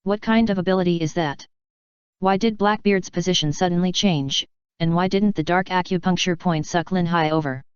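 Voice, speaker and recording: A woman narrating a fanfiction audiobook in a steady, even read-aloud manner. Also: lowish voice, moderate pace, clear, resonant tone, dry recording, dull audio.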